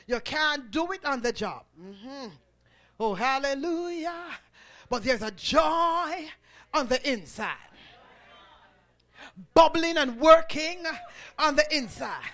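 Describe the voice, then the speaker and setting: A man preaching a sermon, swelling into shouted, rhythmic phrases punctuated by "uh" and calling on the congregation to respond. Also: extremely high pitch, lively intonation, slow pace.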